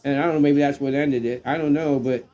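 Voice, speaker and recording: A middle-aged man who is getting drunk, chatting loosely on a livestream, rambling, swearing and breaking into excited shouts. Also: medium pitch, fast talker, dull audio, soft background music. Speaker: live stream co-host. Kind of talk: casual livestream chat.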